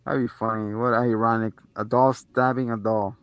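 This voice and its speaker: A man hosting a casual movie review chat, retelling the plot in an animated, slangy way. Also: medium pitch, moderate pace, smooth, dry recording. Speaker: podcast host.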